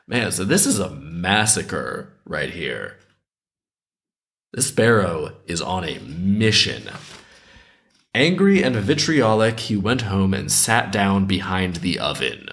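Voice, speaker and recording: A male host reading a dark folk tale aloud, breaking in with sarcastic, chuckling commentary. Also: fairly low pitch. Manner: sarcastic asides, frequent chuckles. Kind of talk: story reading with comedic commentary.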